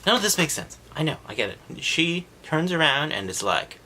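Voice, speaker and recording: Sarcastic man recapping a bad movie, bright voice. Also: fairly high pitch, slight background noise. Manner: sarcastic, animated, mocks scenes with quick put-on voices.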